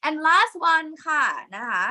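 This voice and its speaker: A woman's voice: high-pitched, very animated, rapid-fire, bright, forceful tone. A woman with a Thai accent teaching Thai tones in a live online lesson, often checking in with "okay?" and singing syllables to demonstrate.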